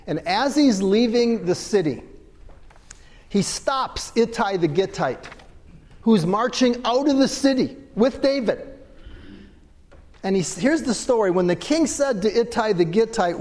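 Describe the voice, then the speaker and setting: High-voiced preacher in a reverberant hall. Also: male voice, expressive, a little slow. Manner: swings between loud emphatic bursts and low quiet asides. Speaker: pastor. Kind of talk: sermon.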